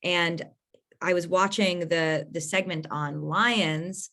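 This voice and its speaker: A woman's voice: on the low side, fairly even intonation, slow, sharp tone. A young adult woman hosting an astrology podcast in an effusive, casual chat, laughing often.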